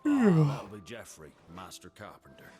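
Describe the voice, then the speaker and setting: A man's voice: fairly low pitch, huge pitch swings, moderate pace, warm tone, faint music behind. An actor playing a helpful male woodcutter in a video game.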